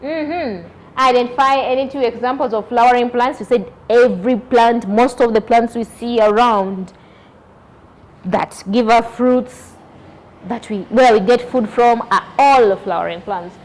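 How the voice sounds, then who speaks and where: A woman's voice: on the high side, unhurried, a little mellow. A woman teaching a children's lesson, asking questions and spelling words out letter by letter. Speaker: primary school teacher.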